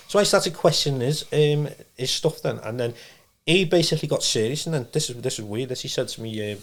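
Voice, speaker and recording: A man's voice: medium pitch, brisk. A man, a podcast guest telling a story in a casual, rambling way, with restarts and swearing.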